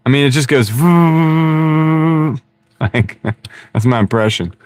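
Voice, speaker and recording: A man's voice: medium pitch, moderate pace, slightly rough, no room sound. Chatty laughing man streaming from his car. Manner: rambling, jokey, laughs often. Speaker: livestream host chatting with viewers. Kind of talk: casual live-stream chat. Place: inside a car. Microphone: wireless clip-on microphone.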